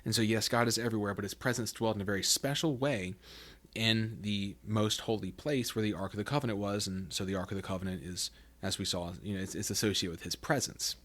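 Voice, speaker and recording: A man's voice: fairly low pitch, fairly even intonation, fast talker, a bit bright. A man hosting a podcast, teaching through Bible passages in a conversational way, thinking aloud with fillers and restarts.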